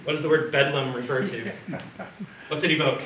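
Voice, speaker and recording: A man gives a slide lecture in a relaxed, conversational way and often asks the audience questions. His voice is bright. He is heard from across an echoey room with a faint hiss underneath. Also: medium pitch, a little fast. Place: community hall or lecture room. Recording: roomy sound from a distance, faint background noise.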